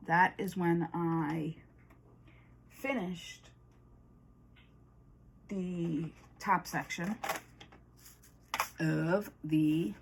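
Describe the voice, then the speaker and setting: A woman's voice: on the low side, a little hiss or hum. Chatty woman rambling to camera. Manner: chatty, rambling, laughs often. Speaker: crafting vlogger. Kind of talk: casual chat to camera.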